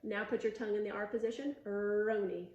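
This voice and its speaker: A patient female teacher gives an instructional demonstration of speech sounds, using short cues and slow, stretched-out examples. Her mid-range voice stays steady in tone, and the muffled recording has a noticeable, roomy echo.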